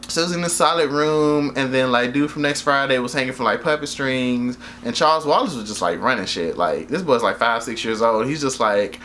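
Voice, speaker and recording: A man's voice: medium pitch, a little fast, hardly any pauses, sharp tone, slight background noise. A young man casually recapping a movie in a rambling, slangy, profane way, full of fillers and laughing at his own jokes. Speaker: vlogger reviewing a movie.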